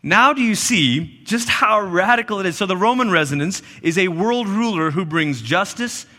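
Pastor, male, high bright voice, animated storyteller, echoing sanctuary. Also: normal speed. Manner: animated storytelling with playful asides. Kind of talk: sermon.

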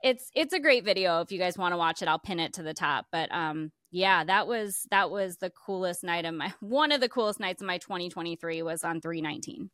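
A woman co-hosting a podcast in casual chat, telling stories in an animated way and laughing often. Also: on the low side, a little fast, few pauses, no room sound, studio quality. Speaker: podcast co-host.

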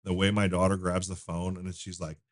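As a guest on a podcast, a donut shop owner from the United States, in his thirties, talks casually. His voice is low and level, a little fast, and his rambling stories are peppered with fillers and restarts.

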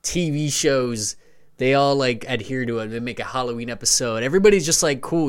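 A man's voice: mid-range voice, a little fast, smooth. A man in his thirties co-hosting a podcast, chatting casually and telling stories with enthusiasm. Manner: enthusiastic, laughing storyteller. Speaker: podcast co-host. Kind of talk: casual chat.

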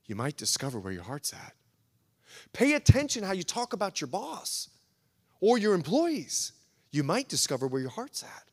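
A man's voice: sits high, wildly swooping pitch, normal speed. A man preaching a sermon as pastor, emphatic and repetitive, swelling and dropping in intensity. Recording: echoey hall recording.

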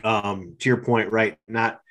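Low-voiced man, affirming host. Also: steady tone, a little slow, fairly bright tone. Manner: affirming, peppered with "right" and "you know". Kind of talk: casual podcast conversation.

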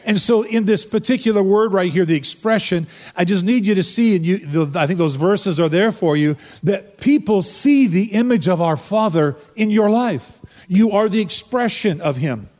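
An older pastor with a high voice preaches at normal speed in a church sanctuary before his congregation, the sound carrying a long church-hall reverb. Relaxed and conversational, he tells stories and calls on people in the pews directly.

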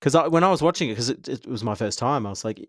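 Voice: mid-range voice, lively intonation, very fast, no room sound, studio quality. A podcast co-host chiming in briefly during a casual film chat.

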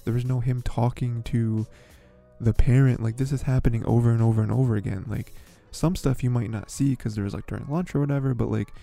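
Rambling young man with gravelly dark voice. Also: mid-range voice, fairly even intonation, brisk, soft background music. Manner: rambling, filler-heavy, exasperated. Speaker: podcast host. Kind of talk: casual commentary.

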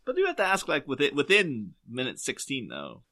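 A man's voice: medium pitch, brisk. A young man co-hosting a podcast, chatting casually about a film with lots of fillers and restarts. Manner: animated, rambling with many fillers and restarts. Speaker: podcast co-host.

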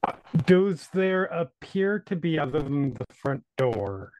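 A man's voice: a little high, big pitch swings, slow, a little mellow, no echo, lo-fi sound. A man playing a tabletop game who asks careful questions. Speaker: player.

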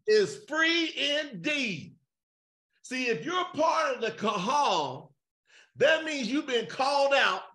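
A man preaches with fire over a video call, leaning on rhetorical questions and call-and-response. His voice sits high and bright and swings widely in pitch as he shouts his points. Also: very animated, unhurried. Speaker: preacher leading an online gathering.

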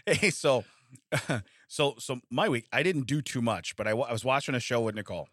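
A man's voice: medium pitch, moderate pace, fairly bright tone, no room sound, studio quality. A middle-aged man from the United States co-hosting a casual chat, rambling through stories with frequent laughs and restarts. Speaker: podcast co-host.

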